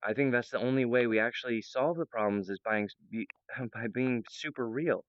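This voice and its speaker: A man's voice: medium pitch, normal speed, clear, resonant tone, dry recording, lo-fi sound. A man talking earnestly and meandering to his viewers about his project, with many fillers and restarts. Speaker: presenter of his own project. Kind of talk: rambling monologue to viewers.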